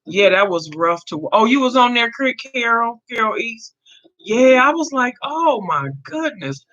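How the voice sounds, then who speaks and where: On the high side and a bit bright, a woman in her fifties speaks at normal speed while hosting a casual live chat, replying to viewer comments as she goes. The sound is lo-fi.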